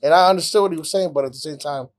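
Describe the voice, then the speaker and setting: A man hosts a podcast in a casual chat, speaking very fast in a voice on the high side. He jokes around and pokes fun at himself.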